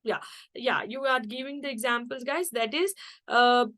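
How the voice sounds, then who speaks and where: A woman teaches an online English class over a video call. Her voice sits a little high, and she moves through each point step by step, stopping often to say "okay" or "guys" to her students. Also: moderate pace, fairly bright tone.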